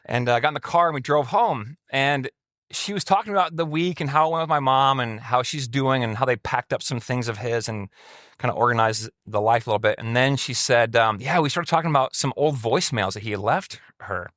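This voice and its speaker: A man's voice: mid-range voice, a little fast, no echo, studio quality. A man preaching a sermon as a pastor, telling a personal story in a conversational way and acting out quoted people in a raised voice. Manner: conversational, animated quoting of others in raised voice. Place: church setting.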